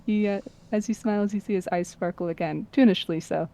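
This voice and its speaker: A woman's voice: medium pitch, brisk, dark tone. A woman player in a tabletop role-playing game, describing her character's actions in a casual, chatty way. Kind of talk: tabletop role-play narration.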